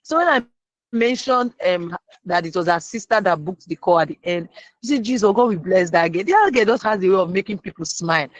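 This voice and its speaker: Guest testimony, lively storytelling, mid pitch, dry. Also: fairly quick, no echo, muffled recording. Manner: lively retelling that acts out the people in the story. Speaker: guest sharing a personal lesson.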